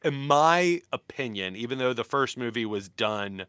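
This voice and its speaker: An animated man co-hosting a podcast, trading loose banter and tossing in quick comic voices. His pitch bounces around a lot and his tone is bright and forward. The sound is close and dry. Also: smooth, no echo. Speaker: podcast co-host. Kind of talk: casual chat.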